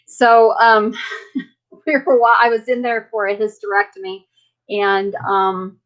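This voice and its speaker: A woman hosts a casual live stream chat in a mid-pitched voice. She rambles from story to story, restarting her sentences and often breaking into laughter. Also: flat delivery, measured pace, fairly bright tone, low-quality recording. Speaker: livestream host.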